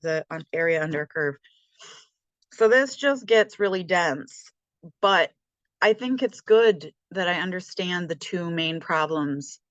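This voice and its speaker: Lowish woman rambling casually in a vlog, muffled dry recording. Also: fairly bright tone, dry recording. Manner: chatty, self-deprecating, reads aloud from textbook. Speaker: self-taught math vlogger.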